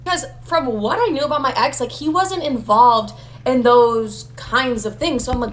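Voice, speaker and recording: A woman's voice: high voice, normal speed, slight background noise. A young woman telling a casual, chatty story full of swearing and "like".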